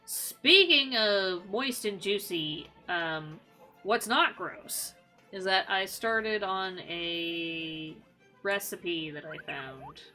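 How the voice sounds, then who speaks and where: A woman's voice: mid-range voice, expressive, very slow, sharp tone, faint music behind. A woman streamer chatting casually while gaming, rambling with many likes and ums. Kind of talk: casual gameplay chat.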